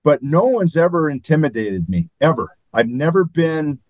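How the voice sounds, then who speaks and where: Older guy rambling thru a story, chuckles a lot, slightly high voice, dry sound. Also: very animated, moderate pace, no echo, dull audio. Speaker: guest, former athlete. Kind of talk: anecdotal interview storytelling.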